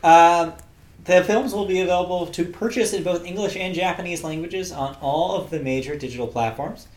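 A man's voice: high voice, moderate pace, reverberant. A man hosting a casual movie podcast, chatty and upbeat with lots of fillers. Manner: chatty, upbeat, laughs easily, frequent fillers. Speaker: podcast host.

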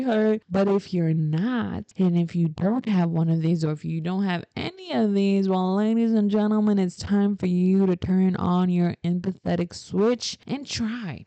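A woman's voice: mid-range voice, unhurried, hardly any pauses, warm tone, dry recording, dull audio. A young woman talking casually to her viewers in a chatty, emphatic way with sassy asides. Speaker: vlogger. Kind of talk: casual talk to camera.

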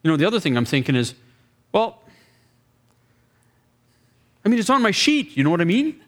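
Animated pastor telling a story. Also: male voice, high-pitched, moderate pace. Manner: animated storyteller acting out dialogue, chuckling. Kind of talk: sermon storytelling.

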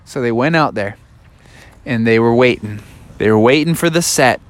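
A man improvising a story for a child, animated and full of sound effects. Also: mid-range voice, normal speed.

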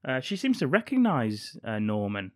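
A man's voice: medium pitch, wildly swooping pitch, moderate pace, no echo. A man co-hosting a podcast, casually recounting a film's plot with dry, sweary asides. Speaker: podcast co-host. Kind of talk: casual film recap chat.

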